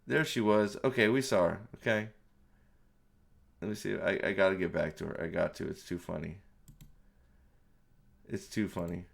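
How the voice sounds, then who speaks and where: A man's voice: low-pitched, fairly even intonation, moderate pace, gravelly, long pauses. A man giving a profane, exasperated movie review at home, ranting with many restarts and repeated words.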